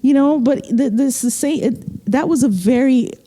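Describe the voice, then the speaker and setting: A woman from the U.S. Virgin Islands speaks in a fairly high voice with a very dark, mellow tone. She tells a personal story earnestly and with reflection, in an easy conversational way. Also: moderate pace, a little hiss or hum. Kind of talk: casual conversation.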